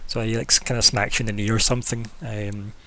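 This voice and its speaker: A man's voice: fairly low pitch, little pitch movement, fast talker, fairly bright tone. A man narrating a tabletop game as game master, rambling with many fillers.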